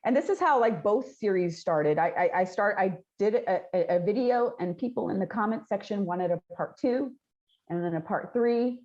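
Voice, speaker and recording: A woman's voice: mid-range voice, moderate pace, dull audio. A woman from Texas with a Texan accent, a guest telling stories in casual conversation and laughing often. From Texas, United States. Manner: laughs often, animated storytelling. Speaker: guest, video creator.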